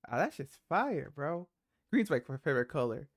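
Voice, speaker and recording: A man's voice: a little high, very animated, moderate pace, no room sound, clean studio sound. A man hosting a reaction video, talking in a laid-back, slangy way and exclaiming at the clips. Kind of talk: casual reaction commentary.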